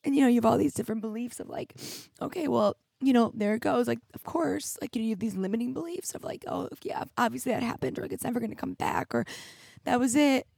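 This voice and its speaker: Teary woman podcasting alone, gravelly. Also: a little high, animated, quick pace, darkish tone, dry recording, clean studio sound. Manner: candid, reflective, heavy use of "like". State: teary, crying at times. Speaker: podcast host. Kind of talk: emotional solo podcast monologue. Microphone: studio mic with headphones.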